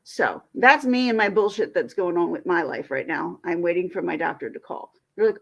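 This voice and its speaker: A woman's voice: mid-range voice, a little fast, creaky. A woman hosting her own livestream, talking casually and venting with frustration, rambling and restarting her sentences. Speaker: livestream host. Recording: dull lo-fi stream audio.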